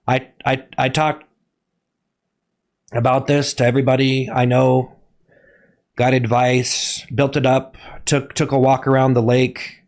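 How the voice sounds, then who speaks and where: A young man streaming to his chat, talking in a halting, over-earnest, mock-serious confession. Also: medium pitch, steady tone.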